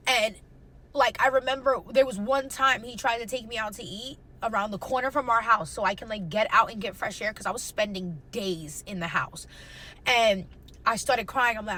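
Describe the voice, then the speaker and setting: A woman's voice: on the high side, bright, forceful tone. A young woman telling a personal story in a casual storytime, raw and emotional, swearing heavily and repeating herself. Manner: fast, repeating phrases, slangy.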